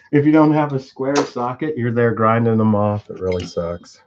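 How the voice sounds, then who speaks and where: A man's voice: mid-range voice, steady tone, measured pace, darkish tone, slight background noise. Profane, rambling man in a workshop. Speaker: tool and engine video maker. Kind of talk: casual workshop demonstration. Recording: muffled audio with clear clicking.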